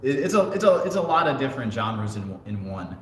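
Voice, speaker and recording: A man's voice: mid-range voice, big pitch swings, fairly quick. A man co-hosting a casual livestream talk show, chatting earnestly and easily with his co-host. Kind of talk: casual livestream chat reading comments. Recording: echoey room with faint noise.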